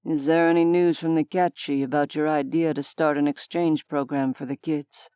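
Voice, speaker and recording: Guthrie, a woman playing a dry, calm man. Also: deep voice, normal speed, clear, resonant tone, no room sound, lightly acted. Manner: dry, even, gently sardonic.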